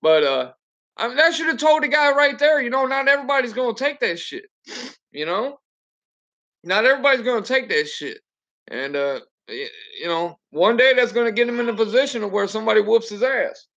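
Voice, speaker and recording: A man's voice: extremely high pitch, animated, a little fast, vocal fry, pushed and bright, lo-fi sound. A man who drives trucks, chatting casually on a home livestream in a blunt, profane, ranting way, picked up by a computer webcam mic.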